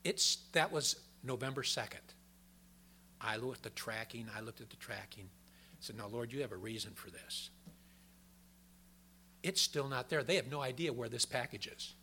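An older man preaching a sermon in a folksy, conversational way, telling personal stories, with a gravelly voice. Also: medium pitch, moderate pace, long pauses, pushed and bright, slight background noise.

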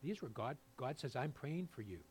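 A male pastor preaching a sermon, swinging between low, quiet passages and loud, fervent peaks. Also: animated, moderate pace, a little hiss or hum.

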